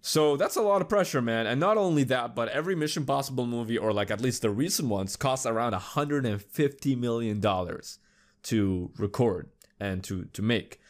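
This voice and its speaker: A young man talks through his solo podcast episode in a loose, meandering way, circling back on himself and swearing freely. His voice sits at an ordinary mid pitch for a man, and he sounds like he is just chatting casually. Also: normal speed. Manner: loose, rambling, heavy swearing. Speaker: podcast host.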